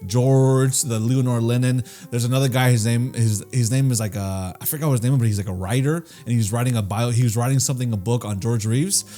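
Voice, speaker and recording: A man's voice: medium pitch, brisk, hardly any pauses, faint music behind. A man on a podcast, telling a story in casual, profane chat and acting out the voices of the people in it. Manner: animated, profane, acts out quoted voices. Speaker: podcast co-host.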